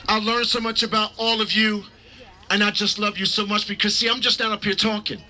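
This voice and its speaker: A man giving a passionate rally speech outdoors, preacher-like, building to shouted call-and-response with the crowd. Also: sits high, level tone, a little fast, poor audio. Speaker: rally speaker. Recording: crowd noise in the background.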